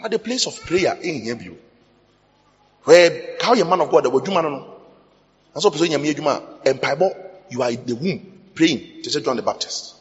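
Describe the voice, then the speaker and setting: A man with a Ghanaian accent preaching a sermon, mixing English with Twi and breaking into sudden loud bursts. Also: fairly high pitch, lively intonation, normal speed, long pauses, dull audio. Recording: long hall reverb.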